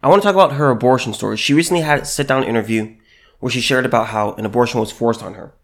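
A man's voice: mid-range voice, racing, a bit bright. A man giving opinionated video commentary and reading news aloud, emphatic and repeating himself, with many restarts.

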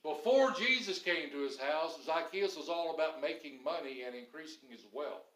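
Animated preaching man in an echoey church. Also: on the high side. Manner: animated preaching, voices the grumbling crowd. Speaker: pastor. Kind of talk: sermon.

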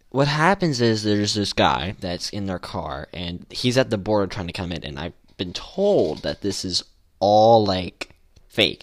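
Young male podcast host, very low voice, casual solo commentary, rambling with frequent restarts. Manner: rambling, with many restarts and fillers.

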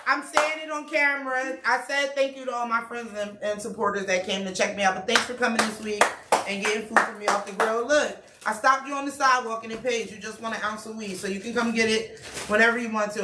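A woman chef chatting casually with friends and customers, laughing and using relaxed slang. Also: fairly high pitch, a little fast, heavy background noise. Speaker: chef and restaurant owner. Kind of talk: casual promo chat. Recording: echoey room, mic far off.

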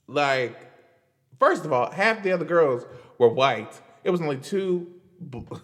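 Lively, high-voiced man hosting a casual commentary show. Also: measured pace, big-room sound. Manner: animated, laughing, repeats phrases for emphasis. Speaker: host.

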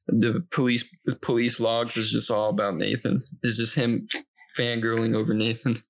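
Gravelly laid-back young man. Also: medium pitch, level tone, normal speed, fairly bright tone. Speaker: podcast co-host. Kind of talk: casual joking chat.

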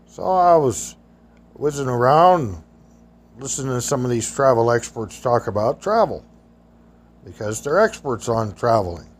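A man's voice: mid-range voice, sing-song, unhurried. A man telling rambling, folksy stories from his past in casual, loose grammar. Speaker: storyteller. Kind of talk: rambling personal storytelling.

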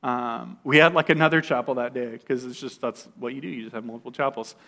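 A young man sharing a personal testimony in a casual storytelling style, full of "like" fillers and animated retelling. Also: medium pitch, quick pace, gravelly.

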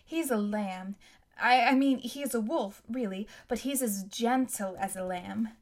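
A woman's voice: on the high side, measured pace. A woman reading aloud, voicing a friendly, cheerful teenage girl with a breezy manner. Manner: bright, breezy, laughing.

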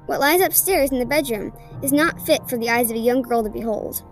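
A woman's voice: a little high, a little fast, soft background music, natural voice, poor audio. A woman voicing a grieving father who speaks solemnly in a read-aloud ghost story. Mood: grave. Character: grieving middle-aged father, earnest.

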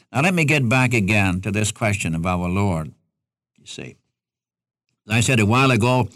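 A man's voice: on the low side, a bit bright, no echo, clean studio sound. Earnest folksy male Bible preacher. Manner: earnest, folksy, addresses listeners directly; asks rhetorical questions. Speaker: Bible teacher. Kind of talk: radio Bible sermon.

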